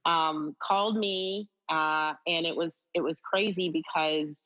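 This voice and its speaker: A middle-aged woman, a guest on an interview, telling a personal story in an animated way with many fillers. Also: low voice, takes it slowly. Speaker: guest, district attorney. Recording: slightly dull audio.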